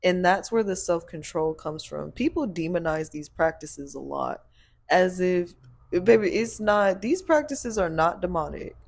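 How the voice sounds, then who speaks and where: Gravelly-voiced blunt woman host. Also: fairly low pitch, lively intonation, measured pace, a little mellow. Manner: blunt, preachy, laughs often. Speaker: podcast host and spiritual practitioner. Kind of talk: casual chat.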